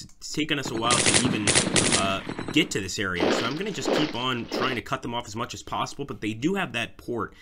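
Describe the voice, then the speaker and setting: Chatty man narrating a strategy game. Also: on the low side. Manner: chatty, thinks aloud, keeps addressing viewers as guys. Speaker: let's play host. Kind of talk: casual gameplay commentary. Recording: loud background noise.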